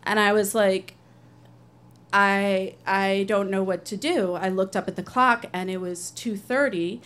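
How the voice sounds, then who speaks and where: A woman's voice: medium pitch, fairly even intonation, measured pace, fairly bright tone. A woman telling a personal story on stage, in an earnest, conversational way, briefly acting out other people's voices.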